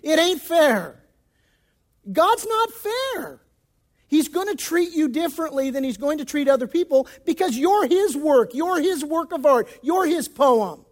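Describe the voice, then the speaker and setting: A male pastor giving a sermon in an emphatic, folksy style with casual slang, moving between loud stresses and hushed passages. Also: very high-pitched, animated, moderate pace, few pauses.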